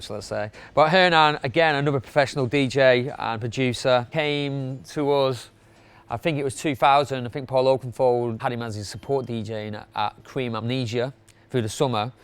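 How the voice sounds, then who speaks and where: Guy rambling about dj nights, lots of ums, smooth clear tone, mid pitch. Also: steady tone, moderate pace. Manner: chatty, rambling, with fillers and laughs. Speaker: club night promoter. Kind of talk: casual spoken countdown.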